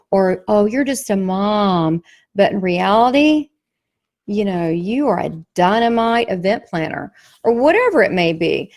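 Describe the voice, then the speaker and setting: A woman with a Southern US accent, a psychic medium promoting her class, talking in an emphatic, folksy way. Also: mid-range voice. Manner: emphatic, folksy, animated storytelling. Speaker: psychic medium, workshop host. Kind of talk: motivational promo talk.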